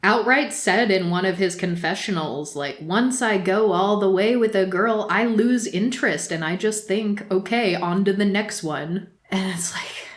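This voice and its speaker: A woman co-hosts a casual podcast, her voice sitting at an everyday middle pitch. She talks animatedly and with clear exasperation, and she breaks into laughter often. The room around her gives a roomy, echoey sound. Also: unhurried, hardly any pauses. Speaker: podcast co-host.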